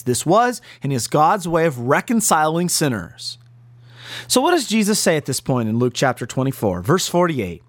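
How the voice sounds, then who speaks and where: A man delivering an earnest radio sermon in a fairly high voice that rises and falls a great deal. He stresses his key phrases slowly and firmly. The sound is dry and close, with no room around it. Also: no room sound. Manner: earnest, emphatic preaching with slow stressed phrases. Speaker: pastor.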